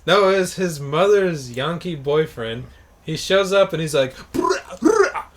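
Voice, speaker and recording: A young man co-hosting a casual podcast chat, joking and acting out characters in quick bursts. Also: on the high side. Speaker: podcast co-host.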